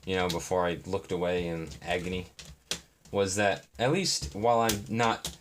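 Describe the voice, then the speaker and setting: Low-voiced young man rambling on a stream. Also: steady tone, moderate pace. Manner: meandering, self-deprecating, lots of fillers. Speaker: live streamer. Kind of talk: rambling live-stream chat while building. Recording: noisy, with keyboard and brick clicks.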